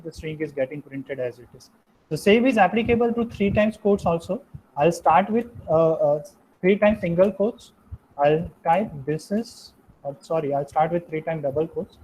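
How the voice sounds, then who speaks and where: A man's voice: on the high side, normal speed, a little mellow, a little hiss or hum, poor audio. A young man giving a live online programming lesson, explaining step by step and ending many sentences with "right?". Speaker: programming instructor.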